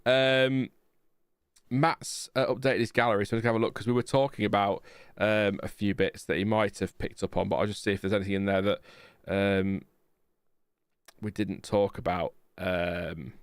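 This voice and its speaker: A man's voice: on the low side, flat delivery, moderate pace, clear, resonant tone, no echo. A man hosting a live stream, reading out chat messages in a rambling, self-mocking way with many fillers. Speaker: podcast host reading chat.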